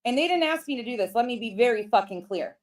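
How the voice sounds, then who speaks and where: A woman's voice: fairly high pitch, lively intonation, fast talker. An angry woman ranting with heavy swearing and hard emphasis on a livestream. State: pissed off. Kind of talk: heated livestream commentary.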